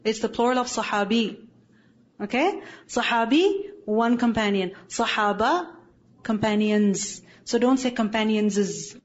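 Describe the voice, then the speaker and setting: A woman's voice: a little high, unhurried, highs cut off. A woman teaching an Islamic studies class, firm and corrective, often checking that students follow, recorded in a classroom. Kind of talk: classroom lecture with questions.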